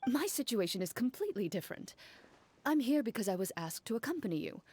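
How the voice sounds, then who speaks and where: A woman's voice: on the high side, fast talker. A dry, blunt young woman. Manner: calm and matter-of-fact. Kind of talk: game dialogue voice acting. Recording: game cutscene with faint music.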